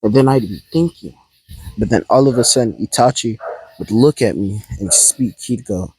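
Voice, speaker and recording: A man's voice: on the low side, normal speed, a little mellow, husky, dry recording, low-quality recording. A man casually telling a fan-fiction story in a rambling, hesitant way, often correcting himself.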